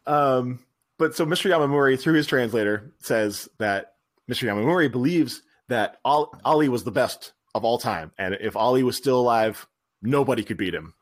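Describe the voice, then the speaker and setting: A man's voice: medium pitch, normal speed. A man co-hosting a podcast, casually recapping a film scene by scene and laughing along. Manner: retells scenes with quotes, laughs often. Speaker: podcast co-host. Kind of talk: casual movie recap chat.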